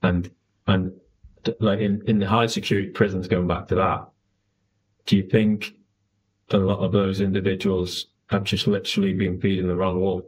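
Male podcast host with low pitch, asks short probing questions. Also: flat delivery, moderate pace, breathy edge, low-quality recording. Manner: brief, prompting questions. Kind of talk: interview questions.

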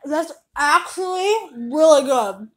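A young girl hosting a casual food-tasting vlog, chatty and excited, getting loud when she tastes. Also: high-pitched, takes it slowly. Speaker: vlogger.

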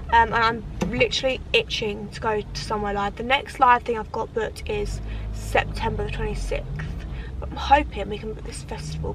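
A woman's voice: on the high side, steady tone, moderate pace, noisy background. A woman, vlogging casually to the camera, chatty and rambling with lots of fillers, and tired. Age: 20s. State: tired, yawning. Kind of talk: casual vlog chat to camera. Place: outdoors at a shopping area.

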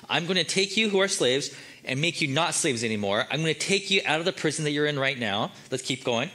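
A man's voice: medium pitch, expressive, fast talker, pushed and bright. A man preaching a sermon as the church's pastor, in a casual, joking and conversational way.

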